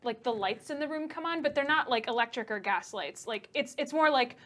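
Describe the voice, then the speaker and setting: Casting: young woman game master, slightly high voice, casual and chatty. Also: a little fast, a bit bright. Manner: chatty, casual, many fillers. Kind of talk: narrating a tabletop game.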